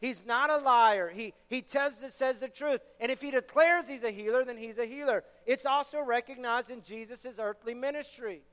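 Young male pastor, bright high voice, animated sermon delivery with shouted peaks, reverberant hall. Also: moderate pace, hardly any pauses, smooth. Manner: animated, storytelling with loud shouted bursts.

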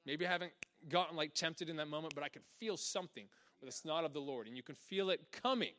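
A man preaching a lively sermon, animated, often laughing and acting out little voices. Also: on the high side, fast.

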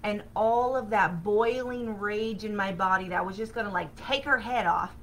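A woman hosting a spiritual self-help podcast, telling a personal story in an animated, excitable way with sudden bursts of energy. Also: medium pitch, normal speed, hardly any pauses, a little hiss or hum, low-quality recording. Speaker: podcast host.

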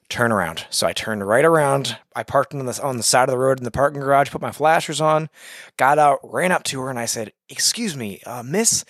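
A man's voice: medium pitch, dry recording, studio quality. A young man co-hosting a faith talk show, telling a personal story with lots of repeats and restarts. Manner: animated, repeats words and restarts often. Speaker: co-host. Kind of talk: casual testimony storytelling.

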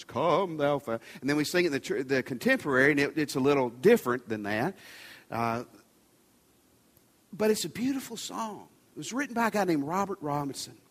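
A man with a high voice preaches in a conversational way to a large congregation. His urgent pleas sometimes sink to a soft near-whisper. The long reverb of a big church sanctuary hangs on every phrase. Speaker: pastor. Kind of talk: sermon.

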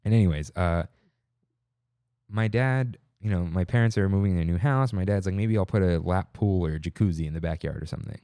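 Speaking fairly quickly in a low-sitting voice, with no echo, a young podcast co-host chats casually. He rambles from story to story, bringing quoted voices to life.

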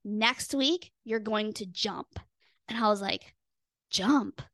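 A young woman hosting a podcast, telling a personal story in an earnest, expressive way and acting out her own past thoughts. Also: mid-range voice, slow, dry recording, clean studio sound. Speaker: podcast host and weight loss coach.

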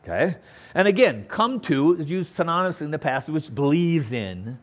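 A man's voice: fairly high pitch, very animated, moderate pace. A man preaching a verse-by-verse Bible teaching sermon, stressing key words and often checking in with "okay?". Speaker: pastor.

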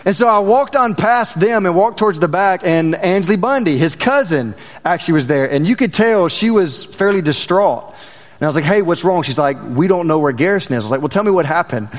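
A man's voice: high-pitched, animated, a little fast, long reverb tail. A male preacher telling a personal story in a folksy way, calling the congregation y'all, then moving into a sermon.

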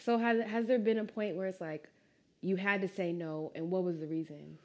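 A woman hosting a casual interview, talking with lively, emotional bursts. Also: on the low side, normal speed. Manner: warm, emotional, animated bursts. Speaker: podcast host.

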